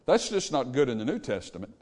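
A man's voice: medium pitch, sing-song, fast talker, darkish tone. A man preaching a sermon in an emphatic, repetitive cadence, stressing each phrase in turn. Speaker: pastor.

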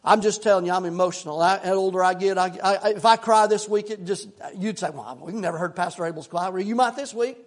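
An older male pastor preaching a sermon in a repetitive, impassioned cadence that drops into hushed, folksy storytelling. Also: sits high, quick pace, hardly any pauses.

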